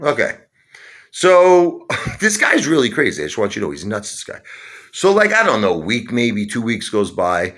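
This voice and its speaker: Animated, rambling New man. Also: on the low side, normal speed. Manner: rambling storytelling, quoting others. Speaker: YouTuber. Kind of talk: casual rant to camera.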